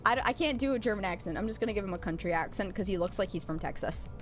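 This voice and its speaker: A woman's voice: mid-range voice, expressive, rapid-fire, faint music behind. Joking, crude young woman streamer. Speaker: game streamer. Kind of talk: casual livestream commentary.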